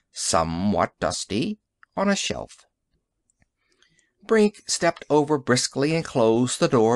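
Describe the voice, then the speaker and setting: A man narrating a science fiction story in an audiobook, with an expressive storytelling delivery. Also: medium pitch, no room sound, studio quality.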